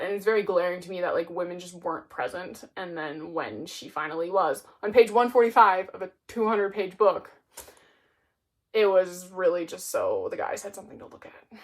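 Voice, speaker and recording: A young woman talking casually about books she read, chatty and full of "like" as she goes. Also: medium pitch. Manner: chatty, peppered with "like". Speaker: book reviewer. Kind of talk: casual chat.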